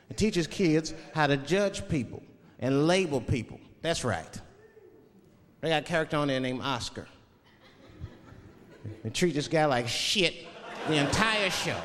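A man doing a stand-up routine, telling a story with energy and acting out voices. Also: on the high side. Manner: animated storytelling, acts out voices. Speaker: stand-up comedian. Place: large venue with live audience. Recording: live hall reverb, crowd noise.

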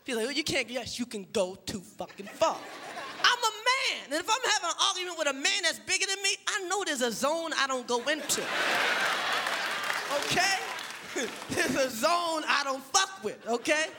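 A man doing a loud, profane stand-up routine, acting out characters and shouting punchlines on stage. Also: very high voice, sing-song, normal speed. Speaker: stand-up comedian. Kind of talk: stand-up routine before a live audience. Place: large venue with audience. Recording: live show with loud crowd and noise. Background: roaring crowd laughter.

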